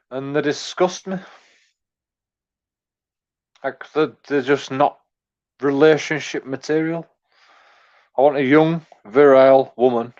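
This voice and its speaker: A man's voice: a little high, darkish tone, muffled recording. A man, ranting in a rambling, crude, profanity-heavy way as he reacts to a clip. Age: 40s. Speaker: commentator. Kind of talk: casual reaction rant.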